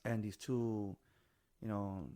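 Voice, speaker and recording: Lowish-voiced guy in his 40s telling stories, swears a lot, drops spanish phrases. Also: takes it slowly. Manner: animated storyteller, swears freely, mixes in Spanish. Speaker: podcast host. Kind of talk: casual chat.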